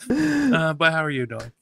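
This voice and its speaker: Male co-host, mid pitch, very slow deadpan delivery, dry close recording. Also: no echo. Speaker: podcast co-host. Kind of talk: casual podcast chat.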